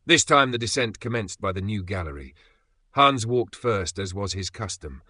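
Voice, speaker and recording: A man narrating a classic adventure novel as an audiobook, in a steady, measured reading. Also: on the low side, husky, no room sound.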